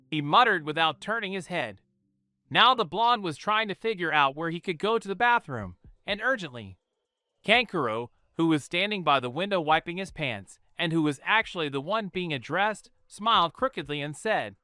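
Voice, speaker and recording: Man narrating fan fiction, somewhat high voice, lively pitch, dry close sound, faint music. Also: normal speed, clean tone, no room sound.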